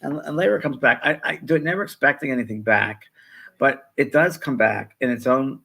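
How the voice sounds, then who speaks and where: He talks fairly quickly at a medium pitch, his tone creaky, pushed and bright with a breathy edge. The man, in his sixties, is a medium co-hosting a live spiritual show, chatting through stories and acting out people's words.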